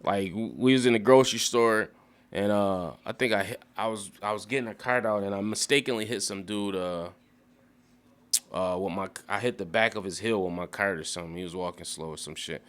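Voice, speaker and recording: A young man casually rambling through a TV episode recap, profane and animated, breaking into quick acted quotes. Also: lowish voice. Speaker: YouTube show recapper.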